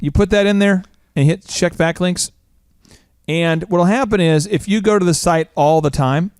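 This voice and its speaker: A male podcast host in casual business talk, jokey and rambling with quick asides. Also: on the high side, darkish tone, clear, resonant tone, no room sound, studio quality. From Oklahoma.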